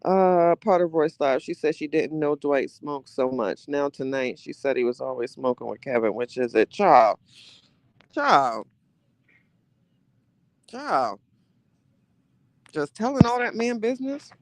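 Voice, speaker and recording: Woman podcast host, animated casual commentary, dry close recording. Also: sits low, moderate pace, few pauses, dry recording. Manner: chatty, animated, exclamatory with laughter.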